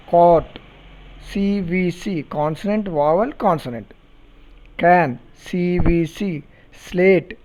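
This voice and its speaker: A man teaching a phonetics lesson, repeating words and spelling them out deliberately, and checking understanding with questions. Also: high-pitched, mellow, rough recording. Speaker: English teacher. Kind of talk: recorded phonetics lecture.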